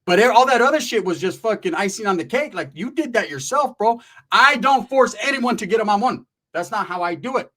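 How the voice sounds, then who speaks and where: Speaking briskly in a voice that sits high, a man from Northern California spins an outrageous story from his own life. His language is loose, profane street slang with Spanish words mixed in. He animatedly plays the characters as he goes.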